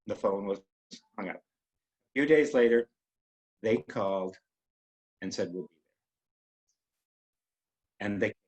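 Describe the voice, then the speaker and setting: A man hosting a web series, telling a personal story in an emotional, halting way with many pauses. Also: on the low side, breathy edge, rough recording.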